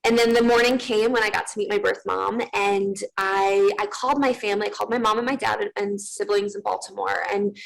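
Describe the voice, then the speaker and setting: A woman's voice: medium pitch, fairly even intonation, a little fast, gravelly, hardly any pauses, rough recording. A woman in her twenties, a guest on a TV interview, telling a personal story in an earnest, rambling way with many fillers.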